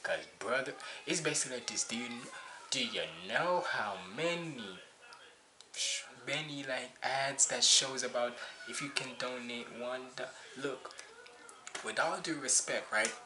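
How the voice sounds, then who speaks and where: A man's voice: medium pitch, unhurried, noisy background. A man hosting a music reaction video, talking casually and preachily, repeating his points for emphasis. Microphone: cheap basic mic.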